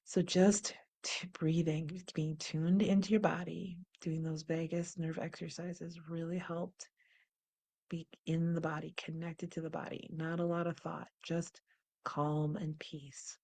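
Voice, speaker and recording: A woman hosting a guided wellness practice, calm and unhurried, describing her body sensations as she goes. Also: low voice, creaky. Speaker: host leading a guided practice.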